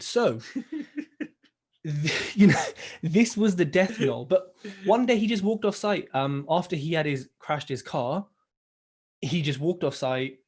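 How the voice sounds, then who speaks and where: Young male co-host, slightly higher voice, casual anecdotal delivery with acted-out quotes. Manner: animated, swears, acts out others' lines. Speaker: podcast co-host. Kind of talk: casual storytelling chat.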